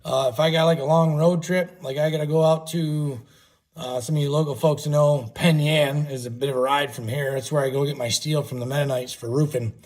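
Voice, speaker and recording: Husky, folksy man chatting on a livestream. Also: a little high, fairly even intonation, brisk, darkish tone. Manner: rambling, folksy, swears casually. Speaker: livestream host. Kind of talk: casual livestream chat.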